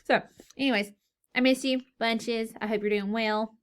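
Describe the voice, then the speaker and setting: A woman's voice: on the high side, steady tone, moderate pace. A woman teacher recording a phonics lesson for young children, playful and sing-song, repeating words for emphasis, on a camera mic.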